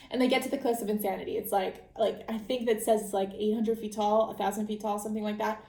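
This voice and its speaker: A woman's voice: medium pitch, fairly even intonation, fast, vocal fry, a little mellow. Chatty woman podcaster, echoey room. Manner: chatty, laughs often, many fillers. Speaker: podcast host. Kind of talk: casual book recap.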